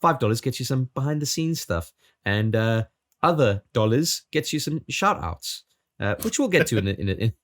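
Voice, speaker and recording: A man hosting a casual podcast with a sore throat, rattling through the housekeeping in a quick radio-host manner with stumbles. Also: mid-range voice, expressive.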